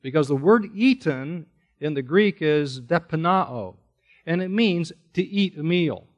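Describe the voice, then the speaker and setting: A man's voice: a little high, lively intonation, measured pace, dull audio. A pastor teaching a Bible passage in a sermon, stressing key words and asking his listeners rhetorical questions.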